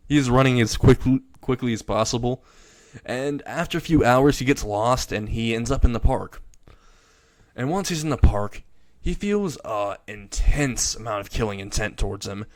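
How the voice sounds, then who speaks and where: Man, casual fan-story narration, rambling, middle-pitched voice.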